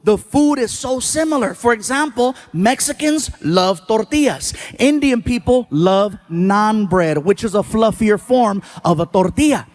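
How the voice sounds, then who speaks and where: A male stand-up comedian telling stories in an animated way and talking to the audience. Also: high voice, unhurried, few pauses. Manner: animated storytelling, talks to the crowd.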